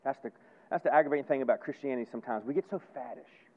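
A man preaching a sermon as pastor, folksy and emphatic, repeating phrases and swinging between loud and hushed. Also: mid-range voice, fast talker. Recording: tinny phone-like sound.

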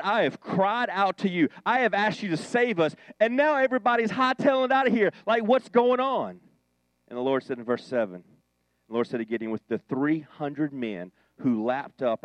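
A man preaching in a playful, conversational way, slipping into little character voices for the people in his story. His voice sits on the higher side, and the sound is dry and close with no room echo. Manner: animated, jokey, acts out voices of biblical figures. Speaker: pastor. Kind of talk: sermon.

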